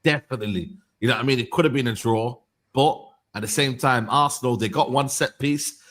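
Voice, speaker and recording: A man's voice: medium pitch, fairly quick, a bit bright. A man co-hosting a football show, defending his team and repeating his points. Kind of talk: casual football banter.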